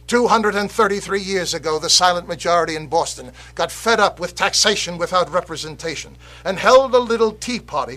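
An actor playing a fiery male patriot orator, delivering an impassioned scripted speech that swings from loud rallying cries to hushed warnings. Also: high voice. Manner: rousing, declamatory, swings from shouting to hushed. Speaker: actor in a political video.

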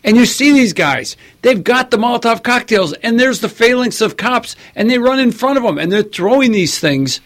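A man co-hosting a talk radio show in casual banter, growing animated and excited as he tells stories. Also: extremely high pitch, normal speed, few pauses. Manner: animated, rising into excited outbursts.

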